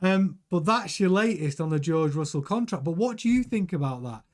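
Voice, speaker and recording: Male stream host, high-ish voice, chatty, stumbling restarts. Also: lively intonation, normal speed, darkish tone. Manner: chatty, restarts and repeats words. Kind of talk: live-stream news commentary, reading chat.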